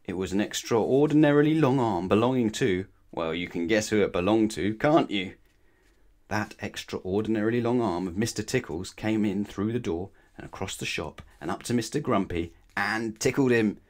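A man's voice: on the low side, normal speed, a little mellow. A man reading a children's bedtime story aloud expressively, often asking the listener questions. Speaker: storybook reader.

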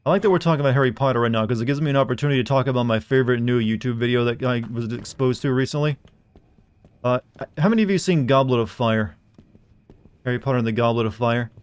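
A man's voice: mid-range voice, fast talker, clean tone. Male streamer, casual rambling talk, mid-range voice, reads game notes aloud.

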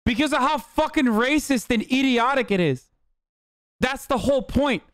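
A man's voice: very high voice, expressive, normal speed, a bit bright, no echo, studio quality. A man streaming live, reacting to chat and clips in a heated, profane rant. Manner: argues directly with chat.

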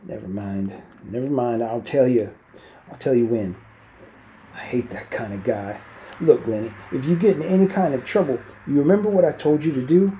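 A man reading aloud, voicing a worried, protective ranch hand who gives quick, urgent warnings. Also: mid-range voice, mellow, a little hiss or hum, natural voice.

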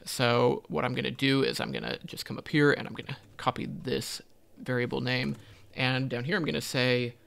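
A man's voice: mid-range voice, fairly even intonation, moderate pace, vocal fry, fairly bright tone. A man teaching a coding tutorial, thinking aloud as he types, with frequent ums and self-corrections. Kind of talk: screen-recorded coding walkthrough.

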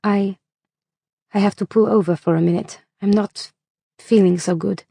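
A woman voicing a troubled alien woman in human form who speaks softly and hesitantly. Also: mid-range voice, fairly even intonation, moderate pace, gravelly, slightly rough, dry recording. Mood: hushed. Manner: soft, hesitant, faltering.

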